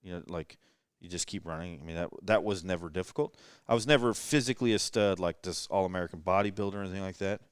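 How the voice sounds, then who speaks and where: A man in his thirties with a low voice tells self-deprecating stories in a relaxed late-night chat. The sound is close and dry, as if recorded around a table in a rental house. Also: quick pace, few pauses, clear, resonant tone, no echo. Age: 30s. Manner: self-deprecating storyteller, joking. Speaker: podcast guest shooter. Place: rental house living room.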